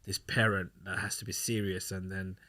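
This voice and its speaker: A young man co-hosts a casual podcast chat, his low voice sharp-toned and flat at a moderate pace. He rambles through anecdotes and acts out what other people said.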